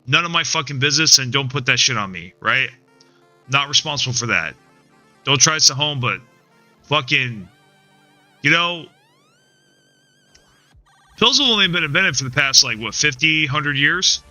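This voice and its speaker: A man's voice: medium pitch, expressive, moderate pace, long pauses, sharp tone, no room sound, soft background music. A man streaming a video game live, talking casually in a rambling, profane, frustrated way, restarting his sentences and tagging them with "man" and "dude". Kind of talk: casual live-stream chat while playing.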